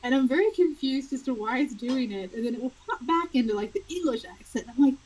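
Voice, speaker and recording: A young adult woman, an author, chatting in a casual interview, animated and quick to laugh. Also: high voice, a little hiss or hum, low-quality recording. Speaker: author guest.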